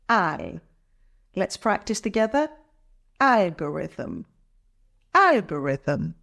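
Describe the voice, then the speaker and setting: A woman teaching English pronunciation, breaking words into syllables and saying them slowly and carefully for learners to repeat. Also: mid-range voice. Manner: careful, drawn-out syllables for practice. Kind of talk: slow, clear pronunciation lesson.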